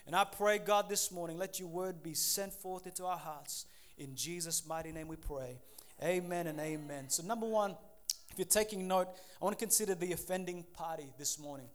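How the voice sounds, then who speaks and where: High-voiced man preaching a lively sermon. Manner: animated, acts out quick voices, laughs at himself. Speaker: pastor.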